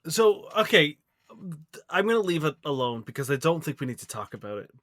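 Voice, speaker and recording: A man's voice: on the high side, sing-song, a little fast, a bit bright, no room sound. A man co-hosting a comedy podcast, reacting to what is read with incredulous, exasperated comments. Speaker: podcast co-host. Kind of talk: casual comedic banter.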